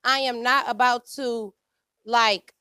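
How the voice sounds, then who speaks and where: A woman from Detroit with a high voice talks in a loose, casual way on a discussion panel. She stresses her points and keeps checking in with her listeners. The sound is dry and close. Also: steady tone, slow pace, bright, forceful tone, smooth, dry recording. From Detroit, USA. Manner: casual and emphatic, keeps saying "you know what I'm saying".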